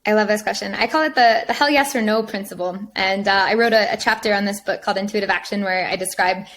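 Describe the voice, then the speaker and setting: A woman guest on a podcast interview, telling stories in a casual, energetic way, laughing often and acting out quotes. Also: medium pitch, fast talker, a little hiss or hum. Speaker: podcast guest, retreat organizer.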